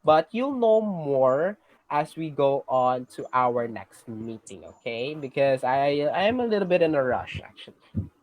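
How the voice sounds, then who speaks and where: A teacher with a Filipino accent giving a class lesson, patiently checking in with students and pausing on fillers. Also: mid-range voice, sing-song, no room sound, rough recording. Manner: patient, checks in with "okay?" often; hesitant, many fillers and restarts.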